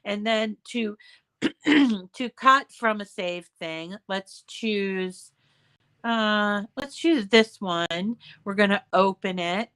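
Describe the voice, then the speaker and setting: A woman with a hoarse voice hosting a casual craft tutorial, explaining steps in a chatty way with fillers and throat clearing. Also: medium pitch, slow, fairly bright tone. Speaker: crafting channel host.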